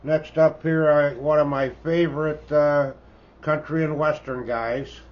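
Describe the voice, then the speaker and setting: A man's voice: fairly high pitch, steady tone, a little slow. A man in his seventies with a Canadian accent, chatting casually as a record collector in a folksy, rambling way and tagging remarks with "eh?". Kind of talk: casual show-and-tell chat. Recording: dull lo-fi sound with faint background noise.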